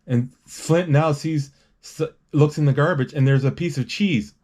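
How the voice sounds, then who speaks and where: A man casually retelling a movie scene by scene, rambling with restarts and quick acted quotes. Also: fairly high pitch, darkish tone.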